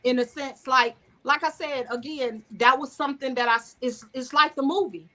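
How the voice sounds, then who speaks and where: A woman with a Southern accent, who both writes screenplays and sings, rambles about her work as the guest of a casual interview. She talks at normal speed in a high, steady voice that sounds pushed and bright. Restarts, side comments and "you know" run through her speech.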